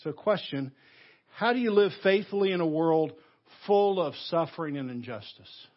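A man preaching a sermon, leaning hard on key words and then dropping to a hush, with a Southern US accent. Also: a little high, lively intonation, highs cut off. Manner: emphatic preaching, swinging between loud stresses and hushed, slow phrases. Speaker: pastor. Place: church sanctuary.

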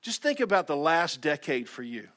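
A man preaching a sermon as pastor. He talks earnestly, dropping to soft asides and then rising to loud, emphatic exhortation. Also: fairly high pitch, big pitch swings, moderate pace. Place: church sanctuary.

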